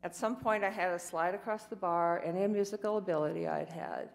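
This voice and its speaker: A woman's voice: lowish voice, brisk, creaky. Candid older woman telling her story. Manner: candid, rambling, self-mocking with quoted asides. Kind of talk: personal storytelling talk.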